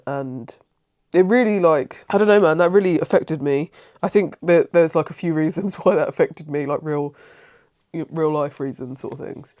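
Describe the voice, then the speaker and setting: A woman's voice: deep voice, warm tone, no room sound. Rambling, emotional woman vlogger, dry sound. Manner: rambling and self-interrupting; emotional and easily moved. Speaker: craft vlogger. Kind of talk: casual chat.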